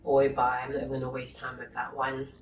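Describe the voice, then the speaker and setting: Young female vlogger, deep-pitched, indignant rant, dull roomy recording, distant mic. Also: monotone, brisk, a little hiss or hum. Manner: exasperated, indignant, swings from low mutter to loud outburst. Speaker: YouTuber. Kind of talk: vlog rant reading comments.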